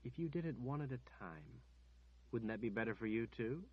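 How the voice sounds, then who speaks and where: A man voicing Kaylin, a frightened, quick-witted young woman. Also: medium pitch, animated, slightly rough, muffled recording. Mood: coaxing, tense. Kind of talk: audiobook character voice.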